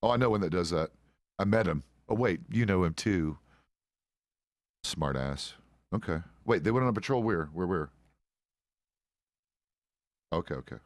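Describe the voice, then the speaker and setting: A man's voice: deep voice, animated, normal speed, long pauses, no echo. A middle-aged man, a roleplay streamer, chatting out of character in a laid-back, rambling, profane way. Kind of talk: casual out-of-character chat.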